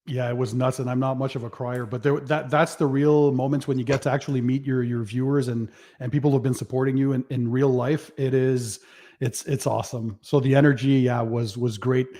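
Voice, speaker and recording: A man hosting a casual livestream, running through a friendly list of shout-outs in an easygoing way. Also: mid-range voice, fairly even intonation, brisk. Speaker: livestream host, detailing channel owner.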